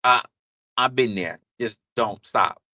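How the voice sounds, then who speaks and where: A man's voice: mid-range voice, slow, sharp tone, no echo. A man hosting a livestream in casual chat, rambling, crude and joking, repeating his phrases into a close mic. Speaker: livestream host.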